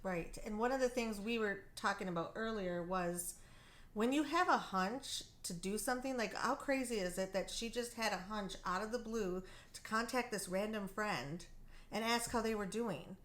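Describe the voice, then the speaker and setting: A woman from Wisconsin, co-hosting a talk show, sharing a personal story in an earnest, animated way. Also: medium pitch, normal speed. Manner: earnest, animated, many ums. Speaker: co-host. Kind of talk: casual storytelling.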